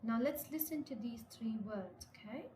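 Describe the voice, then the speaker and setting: A woman's voice: on the high side, animated, moderate pace, dark tone. Teacher woman in an echoey room. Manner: repeats and rephrases instructions, self-corrects. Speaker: English teacher. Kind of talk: classroom lesson walkthrough. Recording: echoey room with clear noise.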